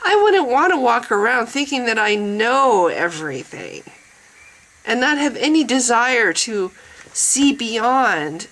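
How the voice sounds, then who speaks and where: A woman's voice: mid-range voice, a bit bright, poor audio. A middle-aged woman talking bluntly and profanely in a casual vlog monologue, laughing often. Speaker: vlogger.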